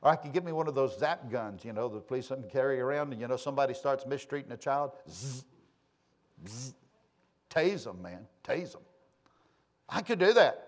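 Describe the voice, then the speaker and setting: A man preaching a sermon, shifting between loud, emphatic passages and quiet, low asides, with a folksy storytelling manner. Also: expressive, brisk. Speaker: pastor.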